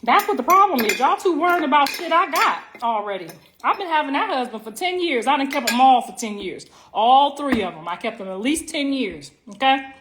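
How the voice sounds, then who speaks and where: Fast-ish with few pauses, a high-pitched, fairly bright female voice rolls along with lively intonation. The speaker, a middle-aged livestream host broadcasting from home on her phone, is brash, profane and teasing, addressing viewers directly and elongating words for emphasis.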